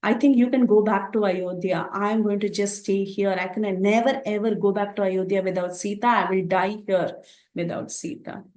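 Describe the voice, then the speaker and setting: A woman voicing a grief-stricken young prince who pleads and calls out in anguish, her voice pitched higher than her plain narration. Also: steady tone, normal speed, darkish tone, echoey room, close to an everyday voice. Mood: despairing. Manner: anguished pleading, calling out questions.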